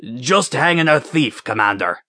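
A man's voice: mid-range voice, lively intonation, measured pace, bright, forceful tone, dry recording, clean studio sound. A man reading an audiobook voices a big, harsh executioner who speaks bluntly and snappishly. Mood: defensive.

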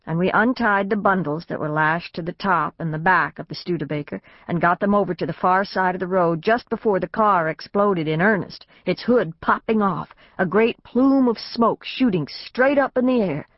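Woman narrating an audiobook, lowish voice. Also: normal speed, hardly any pauses, no room sound. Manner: plain storytelling, lifts her voice for the family's lines. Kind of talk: unabridged novel narration, first person. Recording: dry, slightly dull studio recording.

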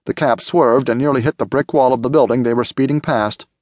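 A man narrating a thriller audiobook in a steady, measured way. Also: mid-range voice, no room sound. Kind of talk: scripted narration.

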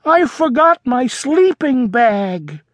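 A man voicing Froggy, a forgetful, excitable young frog boy, in a storybook reading. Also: very high voice, slow, no room sound, voice pushed up, full character voice. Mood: alarmed.

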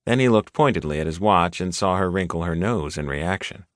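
A man reading a romance audiobook in an even, measured narration, close to a studio mic. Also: low-pitched, dry recording. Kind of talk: scripted narration.

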